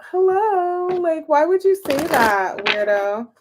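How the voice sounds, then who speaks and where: Slow-talking chatty woman tarot reader. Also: very high voice, sing-song, noisy background. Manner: counts aloud while shuffling, chats with viewers. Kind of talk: casual livestream chat.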